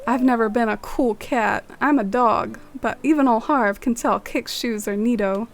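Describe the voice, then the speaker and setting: A woman's voice: fairly high pitch, moderate pace, vocal fry, a little hiss or hum. A woman reading the lines of a cheerful old male dog host in a folksy, upbeat way.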